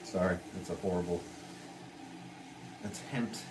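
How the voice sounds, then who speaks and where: Potter, male, low-pitched, easygoing and self-mocking live-stream chatter; echoey studio, mic well off, noisy. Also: a little slow. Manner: relaxed, chatty, self-deprecating. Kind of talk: casual live-stream chat while working at the wheel. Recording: echoey room, mic at a distance, background noise.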